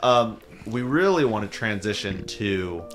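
A male podcast host with a lively, up-and-down voice, joking and throwing in quick reactions. Music plays clearly behind him. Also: on the low side. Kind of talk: casual chat.

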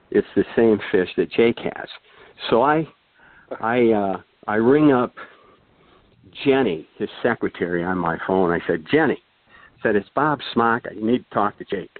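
In an expressive, medium-pitched voice at normal speed, an older man serves as a guest storyteller, rambling casually through a long anecdote peppered with fillers and restarts. The recording sounds dry and thin, phone-like.

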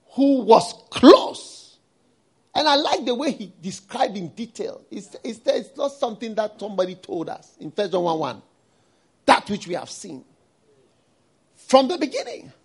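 A man's voice: high-pitched, very animated, a little slow, slightly rough. Guy preaching, voice swings up and down a lot, keeps asking the crowd questions. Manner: emphatic, repeats words, asks the audience rhetorical questions. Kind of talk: sermon. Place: studio.

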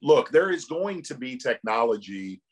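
Middle-aged male guest, lively anecdote teller, average pitch. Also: normal speed, husky. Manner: animated, laughing storyteller. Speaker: tournament commentator, guest. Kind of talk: casual interview storytelling.

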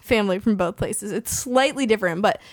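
A young woman from California hosts a podcast, chatting freely with many fillers and easy laughter. Her voice sits at a middle pitch and sounds dry and close, with no room echo. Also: fairly quick. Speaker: podcast host. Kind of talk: casual podcast chat.

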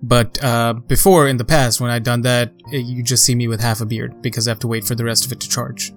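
A man's voice: medium pitch, flat delivery, a little fast, soft background music. A man who is a regular podcast co-host and streamer, talking offhand in casual chat.

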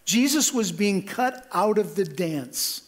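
A man's voice: sits high, animated, slow pace. A middle-aged man from Kansas preaching a sermon, earnest, with frequent restarts and a voice that rises for emphasis. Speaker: pastor.

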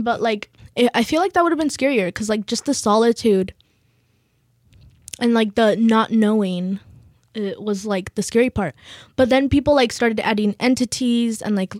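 A woman's voice: a little high, a little mellow, no room sound, studio quality. A young woman chatting casually on a podcast, rambling with lots of fillers and giggles. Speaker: podcast co-host.

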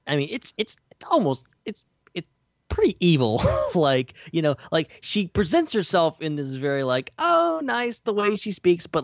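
A man's voice: mid-range voice, no room sound, lo-fi sound. A man co-hosting a podcast, hesitant and searching for words in casual chat. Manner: hesitant, lots of likes and restarts. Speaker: podcast co-host.

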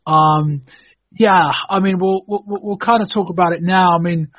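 A man hosting a casual podcast chat, talking in a relaxed, hesitant way with frequent restarts, on a dull lo-fi recording. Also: high-pitched, normal speed, no room sound. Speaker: podcast host. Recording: dull lo-fi dry sound.

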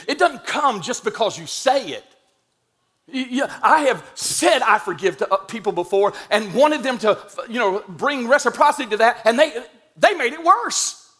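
Middle-aged male preacher, high forceful voice, lively funny storyteller, faint music behind. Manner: animated, humorous, emphatic retelling. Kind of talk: storytelling sermon.

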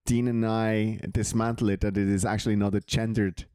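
A man with a fairly low voice, co-hosting a comedy podcast with wry, mock-formal asides to the audience. The sound is dry and close to the mic. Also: flat delivery, normal speed, warm tone, smooth, no echo. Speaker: podcast co-host. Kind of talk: casual comedy podcast banter.

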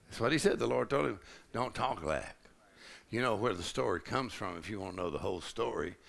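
A middle-aged man with a drawl preaches to a church crowd, his voice heavy with gravel. His tone is bright and forceful, and he swings from easy storytelling to shouting on the big lines. He sounds like he is on a church mic in a big auditorium. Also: on the low side. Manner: rising to shouted declarations with a gravelly voice. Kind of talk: sermon.

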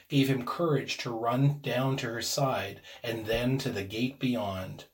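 A man narrating a ghost story in a suspenseful, expressive dramatic reading. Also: mid-range voice, takes it slowly, hardly any pauses.

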